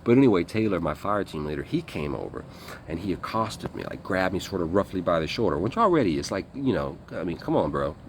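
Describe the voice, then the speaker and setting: A man's voice: deep voice, sing-song, fairly quick, slight background noise. A man telling a story about his military days in a casual, rambling way, blunt and full of fillers and swearing. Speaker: guest recounting military service.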